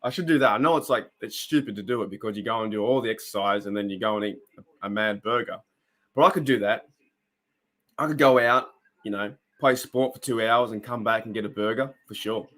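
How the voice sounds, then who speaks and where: A man's voice: fairly low pitch, a little fast, a bit bright. A young Australian man hosting a casual live stream, reacting to a game and chatting with viewers in a loose, rambling way. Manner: chatty, rambling, reads out chat comments.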